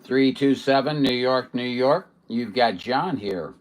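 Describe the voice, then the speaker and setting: A man chatting casually on a CB radio from home, in a relaxed, chatty way and somewhat hoarse. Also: mid-range voice, a little slow. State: losing his voice. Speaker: CB radio operator. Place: home radio station in Missouri.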